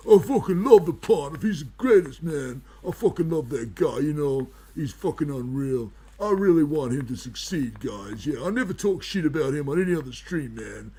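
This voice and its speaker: A man's voice: a little high, dark tone, breathy edge. A man on a livestream playing a boastful, paranoid wizard who swears constantly, rambles and threatens people. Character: foul-mouthed, boastful, paranoid self-styled wizard man. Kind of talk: improvised comedy bit on a livestream.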